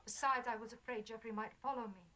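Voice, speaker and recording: An actress playing a married woman who confesses an affair in a formal, measured way in a TV film drama. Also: fairly high pitch, fairly even intonation, noisy background, natural voice. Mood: composed.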